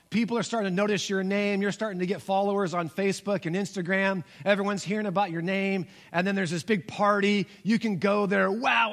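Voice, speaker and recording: A man in his forties preaching a sermon as pastor, telling stories and acting out the voices in them. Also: a little high. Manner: storytelling, acts out voices in quotes.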